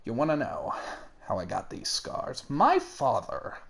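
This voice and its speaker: A woman voicing a scarred, menacing male clown villain in a low, slow, quiet voice. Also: huge pitch swings, creaky, heavily acted.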